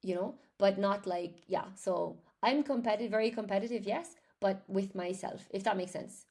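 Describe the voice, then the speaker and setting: A woman's voice: mid-range voice, normal speed, a little mellow. A woman with an Irish accent, an English teacher chatting on a live stream, reading out and answering viewer comments. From Ireland.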